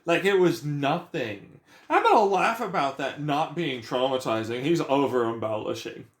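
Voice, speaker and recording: A man's voice: fairly high pitch, lively intonation, normal speed. A young man venting in a profane, agitated, rambling rant about his life. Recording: echoey room.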